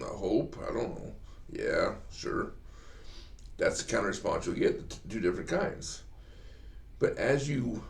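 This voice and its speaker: A man's voice: fairly low pitch, gravelly, reverberant. A man hosting an advice talk for fathers, earnest and coaching in tone, often restarting his sentences. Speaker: host giving fathers advice.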